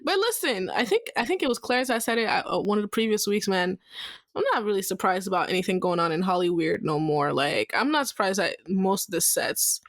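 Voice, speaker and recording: A woman's voice: mid-range voice, lively intonation, fairly quick, dry recording, studio quality. A woman co-hosting a podcast in casual chat, candid and swearing freely, with many fillers. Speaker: podcast co-host.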